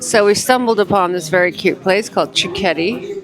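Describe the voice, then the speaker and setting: Talking fairly quickly over loud music, a young woman with a mid-range voice narrates her day to the camera while strolling past streets and shops. She's effusive and chatty, addressing her viewers as "darling" in this casual vlog.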